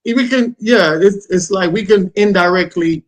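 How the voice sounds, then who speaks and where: A man's voice: high voice, moderate pace. A man co-hosting a podcast in loose, rambling casual chat, often checking in with "you know what I'm saying". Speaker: podcast co-host.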